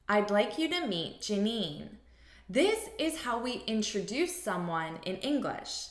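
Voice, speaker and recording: A woman with an American accent teaching an English lesson, speaking clearly and repeating phrases for learners. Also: mid-range voice, a bit bright. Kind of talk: language lesson. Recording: echoey room.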